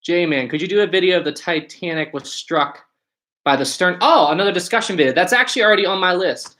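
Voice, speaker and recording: A man's voice: high-pitched, a little fast, sharp tone. A man hosting a live stream, reading viewer questions aloud and answering them casually, thinking aloud as he goes. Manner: casual, thinks aloud with restarts and short laughs. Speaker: channel host.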